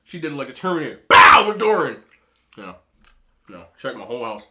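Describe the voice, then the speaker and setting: A man in his thirties eating on camera, giving emphatic, animated relationship advice to other men and telling stories in a casual chat. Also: medium pitch, quick pace. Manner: storytelling with repeated disapproving hums. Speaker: mukbang vlogger.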